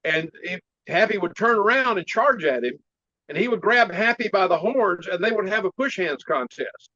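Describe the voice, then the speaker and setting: A man tells a story in an interview, animated and quick to laugh. His voice sits a bit high for a man. The sound is dry and a little muffled, like a lo-fi call recording. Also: dry recording. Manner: animated storyteller, laughs often, clears throat. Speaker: martial arts teacher, interview guest.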